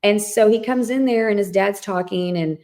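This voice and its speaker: A middle-aged woman co-hosting a podcast, telling a family story in a casual, animated way and acting out the voices in it. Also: medium pitch, normal speed. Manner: animated storyteller, acts out quoted dialogue. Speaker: podcast co-host.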